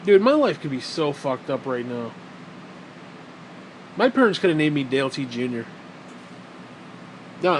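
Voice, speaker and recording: A man's voice: a little high, a little hiss or hum, rough recording. A man in his forties ranting in a rambling, sarcastic, profane monologue as a vlogger.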